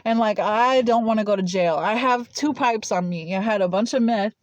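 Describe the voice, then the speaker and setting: A woman's voice: mid-range voice, normal speed, dry recording. A woman telling a personal story in a casual, rambling way, full of "like" and restarts. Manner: rambling, heavy use of "like" and restarts. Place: Nashville.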